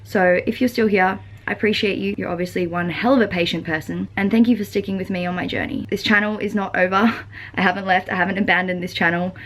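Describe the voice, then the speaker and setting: A woman's voice: mid-range voice, steady tone, quick pace, a bit bright. A young adult woman talking to her viewers in a personal vlog, earnest and open, with lots of "like" fillers. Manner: uses many "like" fillers. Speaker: vlogger. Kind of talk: personal vlog talk to camera.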